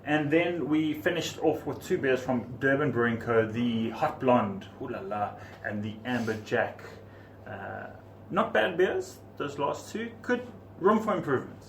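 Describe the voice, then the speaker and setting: A man's voice: medium pitch, animated, measured pace, fairly bright tone. A man hosting a casual podcast, joking around with his guest and tripping over names. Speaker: podcast host. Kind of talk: casual chat. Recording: roomy, distant mic, background noise.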